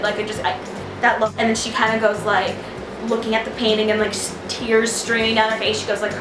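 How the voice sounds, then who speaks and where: In a rambling, enthusiastic film review peppered with "like," a woman speaks a little fast in a slightly high voice with fairly even intonation. The recording sounds echoey and distant, with music playing underneath.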